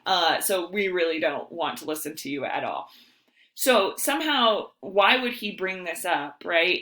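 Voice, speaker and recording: A woman teacher talks through a writing lesson in a loose, chatty way, full of fillers. Her voice is bright and forceful but sits fairly low. The room around her has a noticeable echo. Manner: casual, chatty, with many fillers. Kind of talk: video lesson on essay writing. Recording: echoey room.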